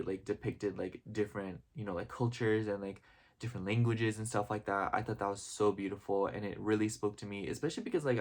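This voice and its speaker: Rambling emotional young man vlogging. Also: fairly low pitch. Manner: rambling, heavy use of "like" and "you know"; openly emotional, gushing. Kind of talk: casual heartfelt vlog chat.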